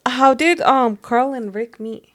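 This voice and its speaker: A woman's voice: high voice, a little slow. A woman co-hosting a podcast in casual chat, giving short reactions and asking questions. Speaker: podcast co-host.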